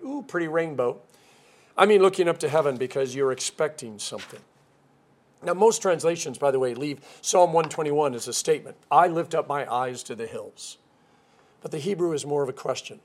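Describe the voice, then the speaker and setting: Man preaching a sermon with humorous asides. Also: medium pitch.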